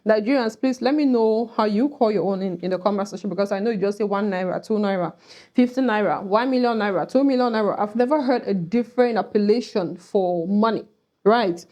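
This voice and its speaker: A woman's voice: medium pitch, fairly quick, a little mellow, lo-fi sound. A woman teaching pidgin words in a chatty, casual way, often checking in with "right?" and "you know". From Cameroon. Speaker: language teacher vlogger.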